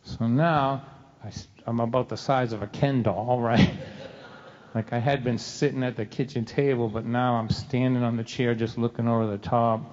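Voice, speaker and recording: A man's voice: mid-range voice, flat delivery, normal speed, darkish tone. A middle-aged man telling a comic story live, wry and self-mocking. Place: church hall venue. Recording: dull sound with long hall reverb.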